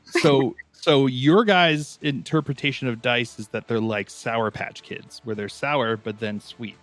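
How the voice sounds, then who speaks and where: A man's voice: medium pitch, measured pace, a bit bright, dry recording. A man playing a tabletop roleplaying game, chatty and joking with his group. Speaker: player. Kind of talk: casual tabletop play.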